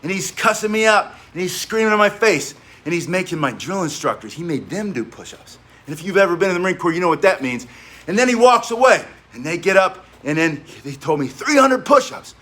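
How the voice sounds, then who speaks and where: Male gym coach, higher-pitched, upbeat and chatty, calls out exercise cues. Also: brisk. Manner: energetic, chatty, laughs while telling stories; coaching directions mid-exercise. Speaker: fitness coach. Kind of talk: spoken workout instruction with war stories.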